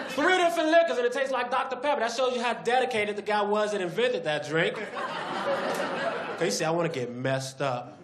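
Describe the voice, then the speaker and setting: A male stand-up comedian in a comedy club, animated as he acts out characters. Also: high voice. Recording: echoey club, loud crowd noise.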